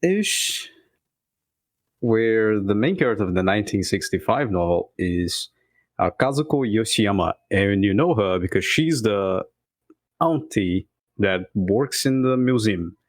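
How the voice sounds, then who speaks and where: A man co-hosting a casual podcast, explaining background facts in a relaxed way, chuckling and tripping over words now and then. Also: fairly low pitch, a little slow, no echo. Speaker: podcast co-host.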